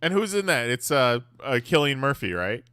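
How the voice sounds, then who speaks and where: A bright, crisp-voiced man talks slowly with lively pitch on a podcast. His wry, deadpan asides come across dry and close, with no room around him. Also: no room sound. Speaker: podcast co-host. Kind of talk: casual chat.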